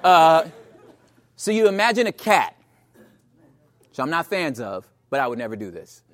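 A man's voice: on the high side, moderate pace. A man with a Los Angeles accent doing stand-up, telling a story to the crowd and acting out the voices. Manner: animated, talks to the crowd, acts out voices. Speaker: stand-up comedian.

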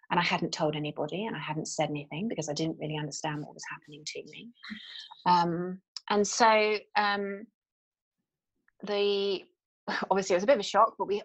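A woman in her thirties speaks as an interview guest, her voice sitting on the lower side and carrying a soft breathiness. She tells her story candidly, pausing on fillers and starting phrases over. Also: breathy edge, low-quality recording. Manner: candid, halting, with many fillers and restarts.

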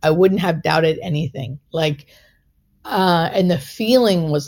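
Woman guest, hospice nurse; lowish, gravelly voice; earnest, emotional storytelling full of fillers. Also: unhurried, darkish tone. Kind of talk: personal storytelling in interview.

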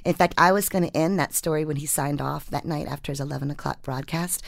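A woman reporter who first reads her own feature story aloud, then tells an anecdote in a casual, animated way. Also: low-pitched, quick pace, creaky, no room sound. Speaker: newspaper reporter and guest.

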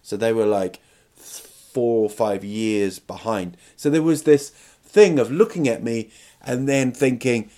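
A man's voice: medium pitch, slow pace, dark tone. A man hosting a podcast, telling a comic story in a rambling, self-mocking way. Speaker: podcast host.

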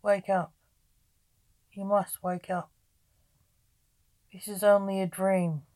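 A woman voicing the Sandman, a weakened, gentle male dream guardian and father in a gothic audio story. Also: medium pitch, little pitch movement, slow, natural voice. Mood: urgent.

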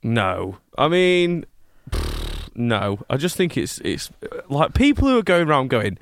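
A man's voice: medium pitch, wildly swooping pitch, normal speed, no echo, studio quality. Chatty young Mancunian man. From born in Scotland, raised in Manchester. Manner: chatty, laughs often, self-interrupting. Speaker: guest. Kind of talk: casual interview chat.

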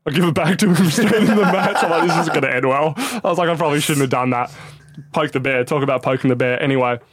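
A man's voice: a little high, steady tone, fast talker. A young Australian man, a tennis player, telling a story in casual chat, full of "like" and swearing. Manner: swears freely, story full of "like" and quoted self-talk. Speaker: professional tennis player guest.

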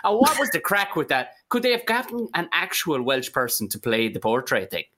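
Man with bright, lively banter. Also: fairly high pitch, brisk. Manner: mocking, deadpan quips. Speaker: podcast co-host. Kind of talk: casual banter.

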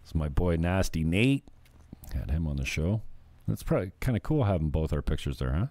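A man's voice: low-pitched, big pitch swings, fairly quick, dark tone, no room sound. A male show host ranting casually, blunt, profane and mocking. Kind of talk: casual crude comedy rant.

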